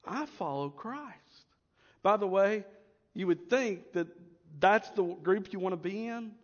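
Man, pastor, sermon, high voice, loud emphasis and hushed asides, muffled sound. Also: unhurried, long reverb tail. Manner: expressive preaching, swinging between loud emphasis and hushed asides.

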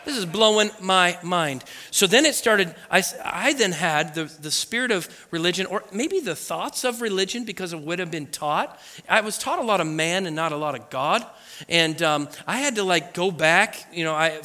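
A man preaching a personal testimony, telling the story with animated energy and acting out what people said. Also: fairly high pitch, in a large hall. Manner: animated storytelling, acts out quotes. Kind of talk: sermon testimony.

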